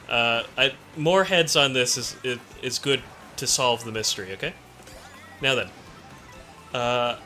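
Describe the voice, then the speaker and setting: Bright-voiced rambling man. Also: mid-range voice, moderate pace, soft background music. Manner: rambling, absurd hypotheticals, laughs often. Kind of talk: casual comedic chat.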